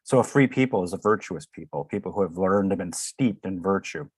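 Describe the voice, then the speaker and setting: A low-voiced man from Connecticut, a professor guest, speaking over a remote link. His answers are measured and lecture-like, with pauses and fillers. The sound is dry, with no room echo. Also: animated, breathy edge. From Connecticut, USA. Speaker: guest, political science professor. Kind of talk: explanatory interview answers. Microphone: remote video call.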